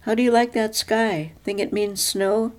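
A woman's voice: mid-range voice, fairly even intonation, unhurried, darkish tone, pitched above the performer's own voice, close to an everyday voice. A woman voicing a weary middle-aged man behind the wheel, speaking with dry, grumbling understatement.

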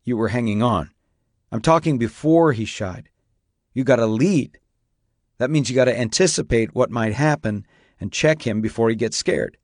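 A man's voice: mid-range voice, moderate pace, no echo, studio quality, close to an everyday voice. A man voicing a weathered older horseman, barking commands at a rider and then talking him through it plainly and firmly. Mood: patient, firm. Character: weathered older horseman, stern but caring.

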